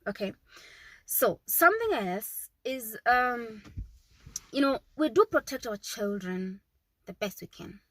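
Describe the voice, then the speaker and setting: Slightly high and very animated, though slow-paced, the voice belongs to a parenting vlogger and mother in her thirties. She offers earnest, repetitive advice casually to camera, often asking "okay?", over poor audio.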